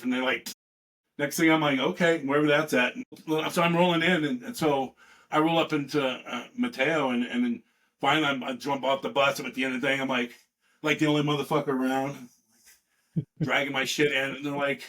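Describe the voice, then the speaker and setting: Man in his fifties, fairly high voice, a veteran guest who swears freely and tells stories in loose, animated bursts. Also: fairly quick. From California. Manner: profane, rambling and animated, with restarts. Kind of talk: casual storytelling.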